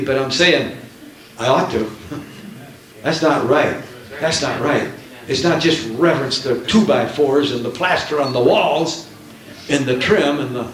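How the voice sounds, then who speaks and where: A man's voice: a little high, a bit bright. A man preaching a Pentecostal sermon from the platform to his congregation, fervent and full of emphatic repetition. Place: church. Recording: very echoey church hall, mic at a distance, faint noise.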